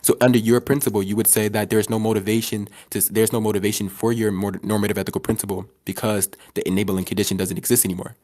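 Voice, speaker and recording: Fast-talking low-voiced mocking man. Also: level tone, darkish tone, dry recording, studio quality. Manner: mocking, talks over the other speaker. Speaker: debater. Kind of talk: heated online debate.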